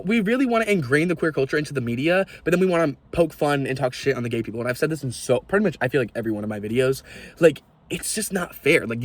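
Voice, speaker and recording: A young man ranting to camera in a vlog, animated and exasperated, swearing freely. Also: a little high. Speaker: video creator.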